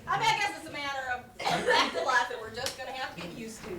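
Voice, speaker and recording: An actress playing a brash diner waitress with a shady side job, giggly and playful on stage. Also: female voice, sits high, big pitch swings. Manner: giggly, playful, drawn-out comic delivery. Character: brash diner waitress who moonlights as a prostitute. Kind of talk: stage acting in a live play. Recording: echoey stage, distant mic, hiss.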